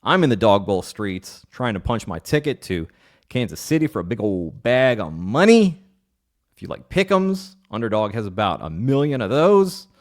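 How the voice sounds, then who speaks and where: A man's voice: fairly low pitch, very animated, moderate pace. A man hosting a podcast, talking in a casual, joking way with rambling asides and playful rants. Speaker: podcast host.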